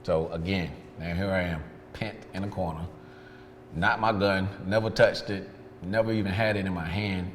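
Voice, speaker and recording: His voice sits low, with fairly even intonation and a moderate pace, as this detailing business owner openly retells past events and quotes what people said in a sit-down interview. Slight background noise, long reverb, and faint ambience are audible.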